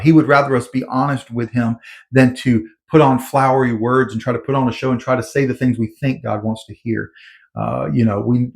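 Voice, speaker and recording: A man giving conversational Bible commentary in an earnest, informal way, with many fillers and restarts. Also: mid-range voice.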